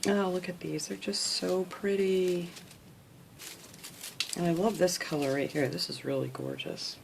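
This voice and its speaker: A woman hosting a craft channel, chatting casually while unboxing mail, gushing, gasping often and sometimes dropping to a soft whisper. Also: lowish voice, lively intonation, moderate pace, gravelly, background noise.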